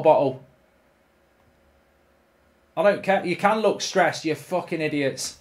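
A man's voice: fairly high pitch, slow pace, pauses often. A man hosting his own channel, giving live commentary over a football management game, full of ranting, swearing and exasperated outbursts. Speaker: gaming YouTuber host.

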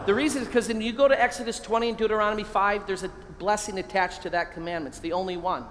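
A middle-aged priest giving a lively keynote talk to a crowd of men, calling out phrases for them to repeat. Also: male voice, sits high, fast. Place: large hall. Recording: long hall reverb, faint ambient noise.

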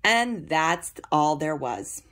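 A woman reading a children's picture book aloud for young readers, in a deliberate, carefully paced storybook manner. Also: deep voice, very animated, a bit bright, a little hiss or hum.

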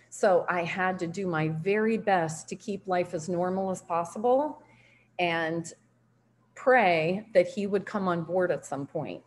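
A middle-aged woman giving a motivational training talk on network marketing, telling stories in an upbeat, animated way with frequent laughter. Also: lowish voice, slight background noise.

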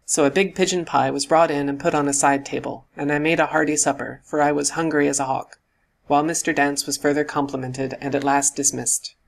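A man reading a classic novel aloud as an audiobook narrator, in a steady, even storytelling manner. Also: on the high side, fairly quick, vocal fry. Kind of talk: scripted narration.

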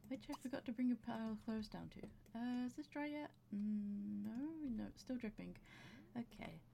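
A woman's voice: fairly high pitch, moderate pace, vocal fry, dark tone, slight background noise. A woman casually commenting on her game, chatting to her characters and laughing often, with audible breathing. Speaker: gameplay commentator.

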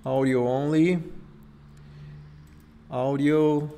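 Slow-talking man with a Portuguese accent. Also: a little high, fairly even intonation, mellow, a little hiss or hum. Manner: thinks aloud, tags phrases with "okay?" and "right?". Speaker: host. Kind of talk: live screen-share tutorial.

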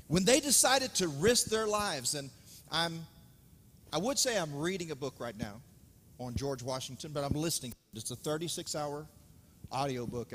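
A man preaching a sermon with dramatic swings between loud emphasis and hushed asides. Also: fairly high pitch. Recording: reverberant hall, speaker off-mic at times.

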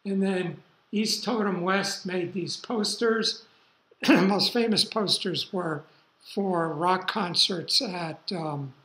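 An older man giving a university lecture, rambling through relaxed asides with fillers. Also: sits high, slow pace. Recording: roomy lecture hall.

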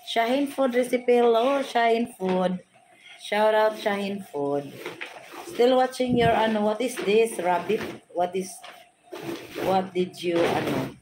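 A woman with a Filipino accent hosting a live stream, reading viewers' names aloud and giving shout-outs. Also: mid-range voice, animated, measured pace, noisy background. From Philippines.

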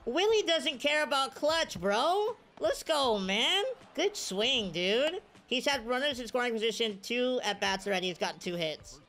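A woman's voice: on the high side, unhurried, hardly any pauses. A woman giving live video game commentary, cheering and groaning at every play. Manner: excitable, cheers and groans at plays. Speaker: gaming streamer.

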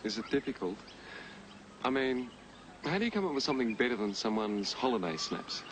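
A man's voice: medium pitch, big pitch swings, a little fast, lightly acted. A curious, skeptical man, played by an actor in a 1980s TV soap. His voice moves up and down as he asks his questions. Faint noise sits behind it.

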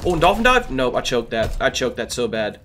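A man giving excitable, trash-talking commentary over his own gameplay, a little sick. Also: mid-range voice, brisk, a little hiss or hum. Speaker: gaming YouTuber. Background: faint background music.

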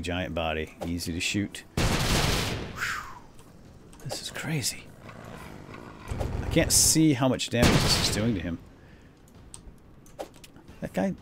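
A low-voiced man narrates his video game battle, his voice swinging widely between low mutters and high, excited yelps. Gunfire and game sounds clatter clearly behind him. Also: heavy background noise. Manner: excitable, exclaiming. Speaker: let's play host. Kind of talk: gameplay commentary.

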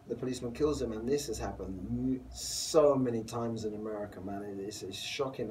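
A man's voice: medium pitch, dark tone, far from the mic, a little hiss or hum, low-quality recording. A man with a London accent, a guest actor talking earnestly in a casual interview and laughing easily. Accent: London English. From England.

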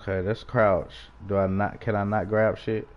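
A man's voice: fairly low pitch, flat delivery, normal speed, lo-fi sound. A young man giving jumpy, swearing let's-play commentary with nervous laughter while playing a horror game. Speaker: gaming YouTuber.

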